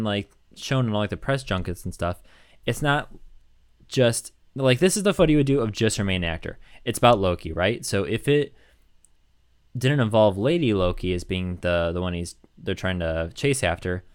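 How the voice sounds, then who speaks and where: A man chatting casually, rambling and excited as he lays out a fan theory, with many fillers. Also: lowish voice, clear, resonant tone, dry recording, clean studio sound. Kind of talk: casual chat.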